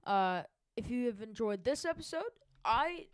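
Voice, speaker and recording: A woman's voice: a little high, animated, unhurried. A woman casually narrating a mapping video from her chair at home, rambling and correcting herself as she goes. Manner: rambling, self-correcting, chatty. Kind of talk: casual narration over a map.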